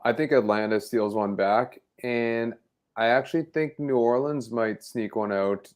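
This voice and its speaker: A man's voice: medium pitch, measured pace, a little mellow. A man co-hosting a casual sports talk show, giving rambling, enthusiastic game analysis. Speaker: podcast co-host.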